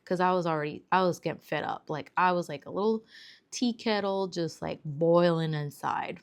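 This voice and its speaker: Young woman vlogging, kinda low voice, rambly and chatty with lots of likes and ums. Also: moderate pace, clean tone. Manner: chatty, rambling, many fillers and "like". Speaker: planner vlogger. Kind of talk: casual storytelling to camera.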